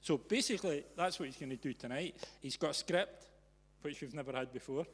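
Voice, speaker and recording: A man hosting a live event, telling a story to an audience in a teasing, animated way. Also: fairly high pitch, brisk, slightly rough. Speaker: event host. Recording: reverberant hall.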